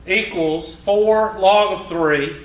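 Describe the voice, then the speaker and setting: A man's voice: high voice, takes it slowly. A man with a Southern US accent teaching a math class, working through problems with folksy joking asides. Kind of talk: classroom lecture. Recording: echoey classroom from far off.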